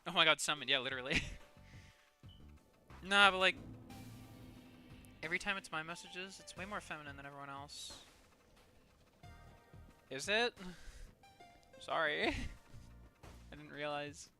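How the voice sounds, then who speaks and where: Bright, sweary male game streamer. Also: on the high side, a little slow, pauses often, soft background music. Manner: swears a lot, laughs often, banters with chat. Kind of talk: casual gaming stream chat.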